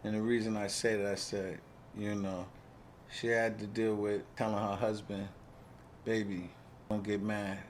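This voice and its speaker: A middle-aged man with a New York accent hosting an interview podcast, supportive and quick to affirm his guest. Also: on the low side, little pitch movement, slight background noise. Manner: supportive, frequent brief affirmations. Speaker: podcast host, retired police executive.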